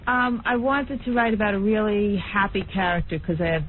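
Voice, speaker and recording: A woman's voice: medium pitch, normal speed, slight background noise. A woman screenwriter, a studio guest, talking casually and a little hesitantly. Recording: tinny radio broadcast.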